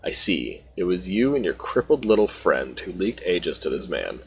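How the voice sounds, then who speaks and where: Guy reading an icy rich old dad, deep gravelly voice. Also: big pitch swings, normal speed, a little hiss or hum. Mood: stern. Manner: reads game dialogue aloud without doing a voice. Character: cold, stern wealthy old father.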